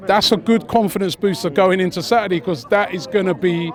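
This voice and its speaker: A young man chatting excitedly as a fan after a match, repeating himself with lots of fillers. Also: sits high, a little fast. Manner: animated, repeats phrases, many fillers. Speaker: interviewed fan. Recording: crowd noise outdoors.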